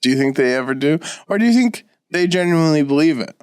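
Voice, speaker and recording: A man co-hosting a casual podcast, wry and laughing often as he thinks out loud. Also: fairly high pitch, animated, fast talker, smooth, no echo, clean studio sound. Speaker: podcast co-host. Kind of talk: casual chat.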